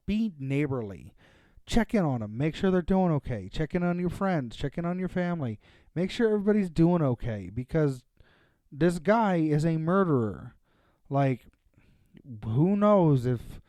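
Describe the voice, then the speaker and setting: A man's voice: on the high side, mellow, no echo, clean studio sound. A man co-hosting a podcast, chatting casually in a rambling way with many fillers and restarts. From Pennsylvania, USA. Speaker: podcast co-host. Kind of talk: casual chat.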